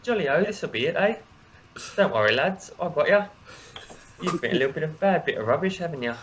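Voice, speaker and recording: A man's voice: medium pitch, fast talker, a bit bright, highs cut off, slight background noise, lightly acted. A man voicing a cheeky, jolly male halfling adventurer with a chirpy, chatty, folksy way of talking. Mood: jaunty. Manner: chirpy, chatty, rough-edged folksy talk.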